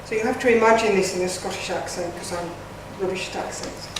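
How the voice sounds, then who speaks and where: Brief: woman reader, mid-pitched voice, plain delivery, mic far off in a very echoey space. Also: steady tone, fast talker, noisy background. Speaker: reader at a community event. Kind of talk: reading aloud another's prose. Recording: echoey room, distant mic.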